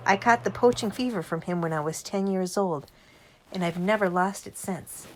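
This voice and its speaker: A woman voicing a cheerful middle-aged father who loves telling tales, lively and relishing every word. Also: medium pitch, normal speed, a little hiss or hum, natural voice. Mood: storytelling.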